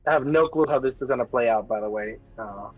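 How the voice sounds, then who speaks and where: A man's voice: mid-range voice, fast talker. A man running a tabletop game as game master, narrating in a rambling way full of filler words, in a dull lo-fi recording with faint music.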